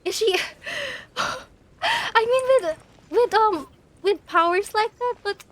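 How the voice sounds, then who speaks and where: A young woman VTuber chatting casually with her viewers while gaming, giggly and excitable, shrieking in panic at the game. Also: very high voice, takes it slowly. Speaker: VTuber streamer. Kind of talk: casual live-stream chat while gaming.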